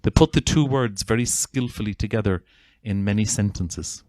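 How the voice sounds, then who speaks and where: A Northern Irish man speaks in a lowish, dry voice with no room sound. He is an earnest, persuasive storyteller, a therapist making his case in conversation. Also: darkish tone, dry recording. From Northern Ireland (Armagh). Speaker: guest, Gestalt psychotherapist.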